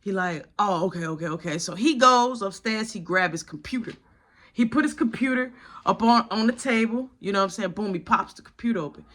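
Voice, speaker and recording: An animated man retells a story in a casual, slangy, dramatic way. His voice sits fairly high and sounds bright. He talks like he is spilling the tea to friends. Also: a little fast.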